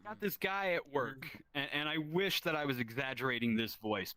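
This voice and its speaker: A man telling a self-deprecating stand-up story in a deadpan, profane way. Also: medium pitch, moderate pace. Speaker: stand-up comedian.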